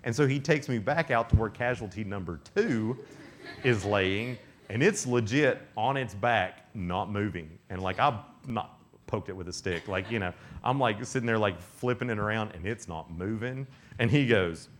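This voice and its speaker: A man in his thirties, a youth pastor telling a lively camp sermon story full of acted-out voices. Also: fairly low pitch, a little hiss or hum. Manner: animated, acts out characters, many "like"s.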